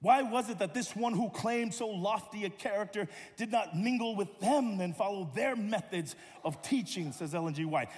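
A man preaching a sermon in a church, with dynamic delivery that swings from loud emphasis to hushed, low passages. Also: normal speed, hardly any pauses. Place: church sanctuary. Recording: long hall reverb.

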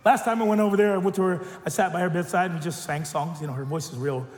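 A male pastor preaching a sermon, telling stories and joking, animated. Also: high-pitched, fast. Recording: echoey church hall.

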